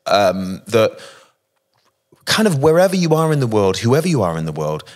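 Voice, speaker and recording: A man from England speaks as an interview guest, recalling stories in a thoughtful, unhurried way. His voice sits fairly low, and he pauses often to find his words. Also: sing-song. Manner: thoughtful, anecdotal, frequent pauses and fillers. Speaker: guest musician. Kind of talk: casual interview, reflective storytelling.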